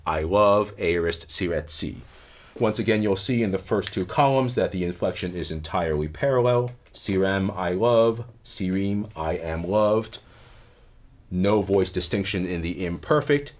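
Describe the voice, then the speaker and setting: A man giving a recorded lecture on grammar, measured and explanatory, often checking in with "right?". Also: on the low side.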